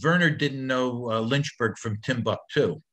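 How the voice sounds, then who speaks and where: An older man delivers a history lecture over slides. He tells the story at an unhurried pace, and filler sounds often break up his sentences. His voice sits at an ordinary mid-range pitch. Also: a bit bright, low-quality recording. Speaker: presenter of an education program.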